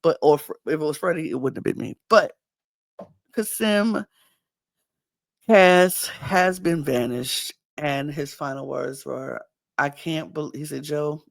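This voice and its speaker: A woman's voice: sits low, unhurried, gravelly, no echo. A woman hosting a casual podcast, animatedly retelling a reality show episode and acting out the cast's lines. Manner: animated retelling, acting out cast members' quotes. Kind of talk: casual recap chat.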